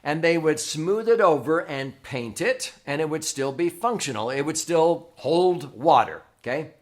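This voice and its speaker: A man's voice: fairly high pitch, fairly bright tone. A male host giving a conversational teaching monologue, often checking in with "okay?". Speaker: host, financial educator.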